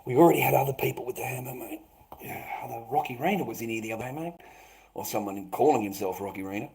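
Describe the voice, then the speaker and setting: A man hosting a live stream, rambling and swearing, who swings between loud outbursts and low muttering. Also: quick pace, gravelly, poor audio. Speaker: livestream host.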